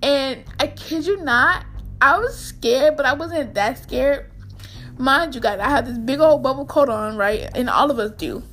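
A young woman casually telling a storytime to her viewers, animated and repetitive, acting out the people in it. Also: unhurried. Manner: animated, repeats herself, acts out quotes in squeaky voice. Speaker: storyteller vlogger.

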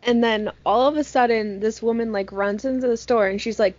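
A woman's voice: a little high, fairly quick. Young woman telling a story, muffled dry sound. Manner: animated storyteller, swears freely. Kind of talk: casual chat, telling a story.

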